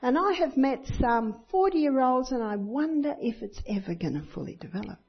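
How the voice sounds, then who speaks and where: A woman's voice: high-pitched, animated, normal speed, slightly rough. An older woman giving a sermon, telling personal stories and acting out the voices of children. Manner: storytelling, acts out voices of children and others. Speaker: Christian speaker. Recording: dull lo-fi recording.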